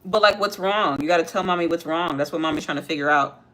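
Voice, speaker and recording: A woman's voice: fairly low pitch, fast talker, fairly bright tone. A young woman hosting a casual livestream, chatting with viewers as she works and talking with her child. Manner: chatty, talks to viewers while doing makeup. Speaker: livestream host, mother.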